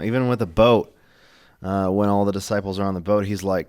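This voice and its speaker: A young man co-hosting a church podcast, talking in a casual, halting way full of fillers and restarts. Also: on the low side, fairly even intonation, a little mellow, clear, resonant tone. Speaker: podcast co-host. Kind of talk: casual faith discussion.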